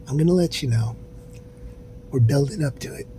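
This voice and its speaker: A man's voice: unhurried, poor audio. Weary sighing man vlogging from a hospital bed. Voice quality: soft, drifting into whispers. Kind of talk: casual self-filmed update. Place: hospital room. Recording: steady rumbling background noise. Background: low rumble.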